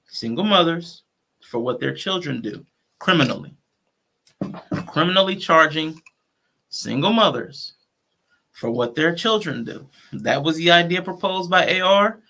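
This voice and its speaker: Guy hosting a livestream, gravelly voice, thinks out loud, restarts a lot. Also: on the high side. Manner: conversational, thinking aloud with restarts. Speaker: show host. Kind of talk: casual livestream talk.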